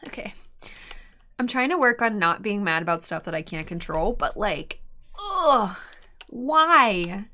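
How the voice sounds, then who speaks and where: A woman commentating her own card game play, frustrated and exasperated, sighing and swinging between muttered asides and loud outbursts. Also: on the low side, expressive, normal speed. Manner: frustrated, exasperated venting with sighs. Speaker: streamer drafting and playing a card game. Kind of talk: live gameplay commentary.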